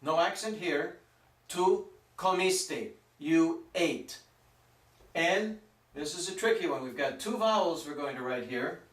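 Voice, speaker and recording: A man with a slightly high voice gives a grammar lesson at a slow, deliberate pace, drawing out each word. He sits well back from the microphone, so his voice carries a roomy echo. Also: expressive, a bit bright. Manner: slow, deliberate, stretches out Spanish words for pronunciation. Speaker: Spanish teacher. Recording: roomy echo, mic some distance off.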